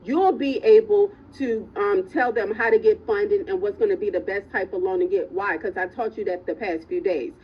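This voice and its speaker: A woman's voice: mid-range voice, moderate pace, few pauses, breathy edge, muffled recording. A woman real estate coach giving a motivational talk in a live online session, emphatic and repeatedly checking in with "right?" and "okay?".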